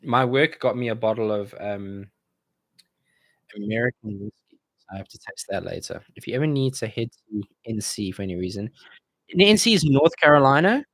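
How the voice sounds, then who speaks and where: A man's voice: lowish voice, moderate pace, dry recording. A man hosting a casual live-stream Q&A, reading viewer comments aloud and bantering about them.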